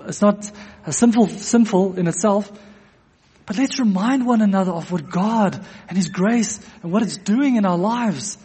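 A man's voice: sits high, a little mellow, husky. A man preaching a sermon to a congregation, earnest, repeating phrases for emphasis. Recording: long echo of a church hall.

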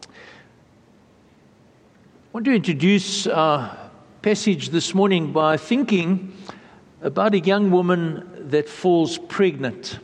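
Earnest high-voiced preacher. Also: male voice, animated, big-room sound. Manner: earnest, measured, with frequent pauses and repeated phrases. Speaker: pastor. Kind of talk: sermon. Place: church.

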